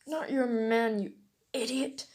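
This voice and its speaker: A jealous teenage girl snaps and curses at a classmate in a raised, higher voice, as a woman reading a fan story aloud puts her on. The delivery is unhurried, with the plain feel of a home fan reading rather than a polished performance. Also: fairly even intonation. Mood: furious. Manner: yelling, sobbing, cursing.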